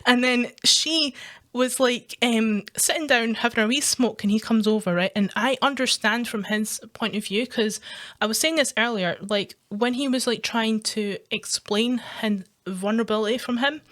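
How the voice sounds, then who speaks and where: A woman's voice: a little high, unhurried. A woman with a Scottish accent ranting through a reaction commentary, swearing often and laughing as she goes. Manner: animated ranting, heavy swearing, frequent laughter. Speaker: reaction video streamer.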